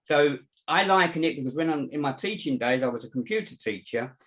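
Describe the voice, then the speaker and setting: A man's voice: a little high, lively intonation, brisk, a bit bright. A man, a mindset coach, giving earnest advice in a casual chat and often saying "you know". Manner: earnest, advising, many "you know" fillers.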